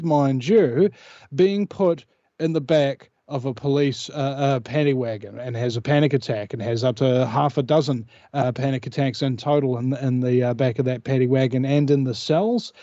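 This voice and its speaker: A man's voice: mid-range voice, dark tone, no echo. New man, dull lo-fi call. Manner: rambling storyteller, many hesitations. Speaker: guest. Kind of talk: casual interview chat.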